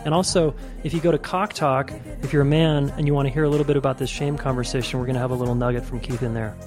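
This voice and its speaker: Male podcast host, mid-pitched, casual and upbeat, lots of affirmation. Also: fairly even intonation, fast, over loud music. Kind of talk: interview and wrap-up narration.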